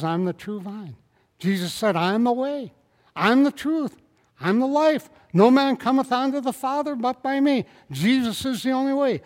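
A man preaching a sermon in an animated, emphatic way, swinging up into loud bursts and tagging points with rhetorical questions, calling on listeners by name. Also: sits high, in a large hall. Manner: addresses congregation members by name.

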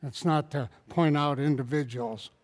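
A man with a notably high voice preaches a sermon, his words ringing out with a long hall reverb. He preaches with animated emphasis, climbing into loud, pointed bursts and peppering his points with rhetorical questions. Now and then he calls out to someone in the congregation by name. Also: unhurried. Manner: addresses congregation members by name.

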